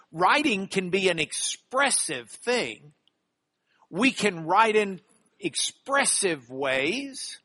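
Teaching a Bible class, this middle-aged man speaks in a voice that sits high, lecturing in a lively, animated way. He cracks jokes and tosses in playful asides.

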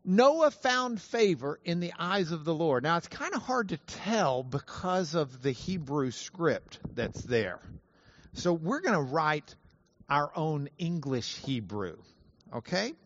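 A man teaching a Bible lesson to an audience, animated and playful, spelling out Hebrew words slowly. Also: a little high, dry recording, muffled recording. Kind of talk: lively teaching talk to an audience.

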